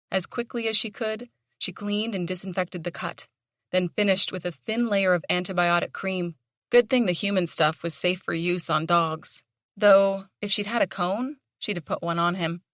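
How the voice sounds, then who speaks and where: A woman reads an audiobook in a measured storytelling manner. Her voice sits on the low side. The recording is dry, with no echo. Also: a bit bright. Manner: measured storytelling with dramatic tension. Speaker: audiobook narrator. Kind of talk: scripted narration.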